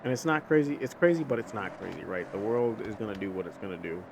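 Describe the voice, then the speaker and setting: A man's voice: on the low side, quick pace. Rambling young man chatting over faint engine noise. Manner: rambling and conversational, with many restarts and fillers; talks about faith in a relaxed, earnest way. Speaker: gaming video host. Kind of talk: casual chat while playing a driving game. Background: faint car engine and road noise from a game.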